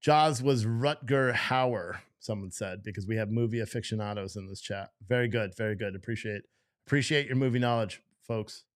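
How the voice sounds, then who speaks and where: A man's voice: on the low side, moderate pace. A man doing casual live stream commentary, reading posts aloud to his chat, swearing and mocking what he reads. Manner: profane, mocking, reacts loudly to what he reads; chats with viewers in the chat.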